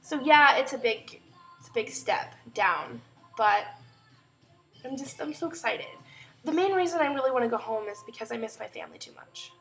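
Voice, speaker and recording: A woman's voice: on the high side, lively intonation, moderate pace, a bit bright, faint music behind, poor audio. A young woman from Indiana talking in a casual, heartfelt personal vlog, rambling with lots of fillers. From Indiana, USA. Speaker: vlogger.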